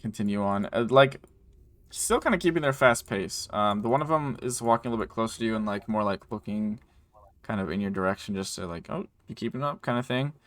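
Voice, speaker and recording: A man narrating as game master in a casual, laughing way, slipping into quick character voices. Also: fairly low pitch, fairly bright tone, dry recording.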